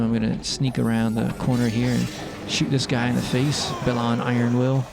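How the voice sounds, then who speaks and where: A man narrating a roleplay game session in a casual, wry, deadpan way. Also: mid-range voice, gravelly.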